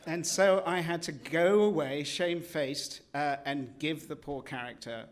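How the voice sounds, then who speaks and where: A man with an English accent, an illustrator, speaking in an animated, self-deprecating way at a book event. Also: fairly high pitch, measured pace, background noise. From England. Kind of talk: conversational book talk. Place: event hall with an audience.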